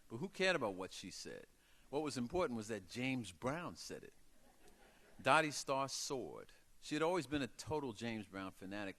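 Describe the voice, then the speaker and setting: A man, an author, reading aloud from his memoir with expressive, dramatic storytelling. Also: fairly low pitch.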